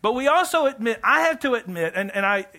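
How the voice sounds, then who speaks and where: A middle-aged man preaching with a high, bright, ringing voice. He is animated and jokey, jumping from loud outbursts to near-whispers. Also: brisk. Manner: animated, joking, swings between loud and hushed. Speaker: pastor. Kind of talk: sermon.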